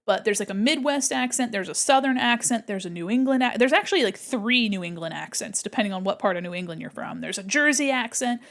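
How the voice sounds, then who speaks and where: A woman's voice: medium pitch, expressive, quick pace, few pauses, a bit bright. An American woman streamer and illustrator, chatting casually and bubbly with her viewers while she draws. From United States. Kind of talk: casual live-stream chat while drawing.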